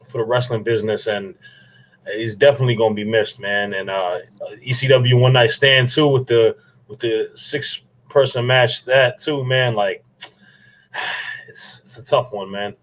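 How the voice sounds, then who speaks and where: A man's voice: mid-range voice, fairly even intonation, a little slow, a bit bright, low-quality recording. A man co-hosting a podcast in a laid-back, casual way. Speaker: podcast co-host. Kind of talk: casual chat.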